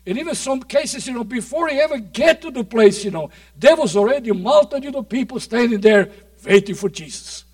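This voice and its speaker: High-voiced preacher with dramatic swings. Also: male voice, lively intonation, fairly quick, few pauses, no room sound, distant mic. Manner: dramatic, swings from shouts to near-whispers. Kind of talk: sermon.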